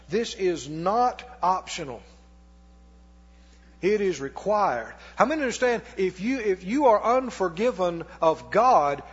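A man preaching in a church, his voice pitched high and a bit husky, with folksy call-and-response to the congregation. The recording is dull and lo-fi, and a long hall reverb trails each phrase. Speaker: pastor. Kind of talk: sermon.

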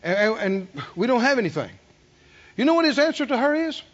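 A man preaching a sermon, animated, acting out the people he quotes and asking the congregation questions. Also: very high voice, brisk. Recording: dull lo-fi sermon recording.

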